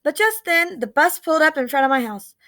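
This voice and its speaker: Casting: woman, high voice, expressive children's book read-aloud. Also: brisk. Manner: expressive, animated reading. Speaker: storybook reader.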